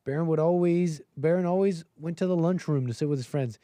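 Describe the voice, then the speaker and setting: A man's voice: a little high, brisk, mellow, no room sound. Sarcastic man reading news with mocking asides. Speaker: talk show host. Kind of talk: casual commentary reading articles aloud.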